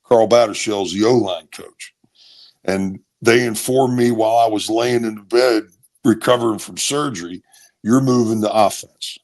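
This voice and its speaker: He's middle-aged, from Maryland, USA, and a one-time college football player, telling casual stories with animated impressions of other people. The voice is lowish and the pace normal.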